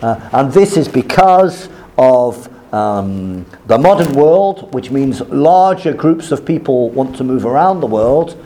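A man's voice: medium pitch, lively intonation, slow, mellow. A middle-aged man from Britain giving a classroom lecture in a wry, digressive way, often stopping and restarting his sentences.

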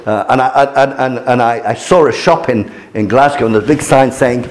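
A man's voice: mid-range voice, fairly quick, few pauses. A man giving an informal lecture to a class, hesitant with many restarts and fillers, chuckling at his own jokes. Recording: roomy hall echo.

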